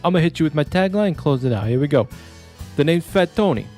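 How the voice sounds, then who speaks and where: A man's voice: fairly high pitch, animated, quick pace, dark tone, faint music behind, natural voice. A man playing a nervous pizza shop owner on the run in a comedy commercial skit. He rambles and stalls through excuses. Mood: shifty salesman.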